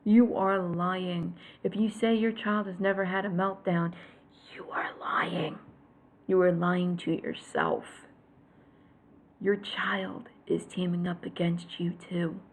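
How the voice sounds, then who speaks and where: A woman, likely in her thirties, rants casually to vlog viewers about her children, exasperated and emphatic, dropping to a whisper for punchlines. Her voice is on the low side with a flat delivery and a slow pace, and there's slight background noise.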